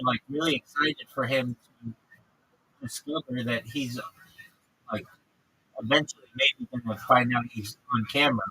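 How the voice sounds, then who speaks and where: A man's voice: medium pitch, pushed and bright, slightly rough, no room sound, low-quality recording. A man talking casually on his livestream, ranting and swearing freely. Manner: profane, ranting.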